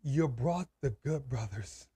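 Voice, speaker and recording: A man's voice: medium pitch, animated, slow, warm tone, breathy edge, no echo. A man co-hosting a live watch-party stream, venting hard and hammering his points home again and again. His voice sits in an ordinary middle range. The sound is dry and close, with no room around it. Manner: ranting, emphatic, repeats his points. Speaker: co-host.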